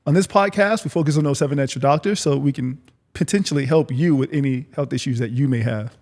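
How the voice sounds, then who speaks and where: A man hosting a casual interview podcast, relaxed and chatty, often repeating his words as he asks follow-up questions. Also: medium pitch, quick pace. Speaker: podcast host. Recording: long reverb.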